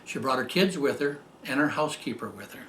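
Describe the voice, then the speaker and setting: Older guy rambling thru a story, lots of um and uh, mid pitch, faint hum behind. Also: animated, a bit bright, roomy sound. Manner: rambling, halting with repeated fillers and restarts. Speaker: patient giving a testimonial. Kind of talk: storytelling tribute.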